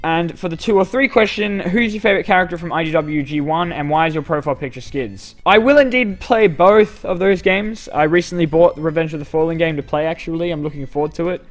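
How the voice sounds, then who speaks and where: Young male YouTube host, slightly high voice, casual self-deprecating Q&A, faint music underneath. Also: fairly even intonation, fast talker, hardly any pauses. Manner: self-deprecating, rambling with fillers. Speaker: YouTube channel host answering fan questions. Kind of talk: casual Q&A reading comments aloud.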